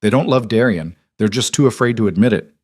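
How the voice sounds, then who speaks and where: A man's voice: on the low side, fairly quick, darkish tone, no echo, studio quality, lightly acted. A man voicing a defiant young woman, a cast-out wolf queen, who speaks in a cool, level, unyielding way. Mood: steely.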